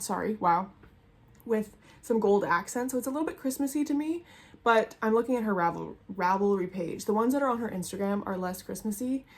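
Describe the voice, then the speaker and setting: A young woman talking casually and enthusiastically at home, rambling in a knitting vlog. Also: mid-range voice. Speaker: knitting vlogger. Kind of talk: casual chat. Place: home room with colorful closet behind.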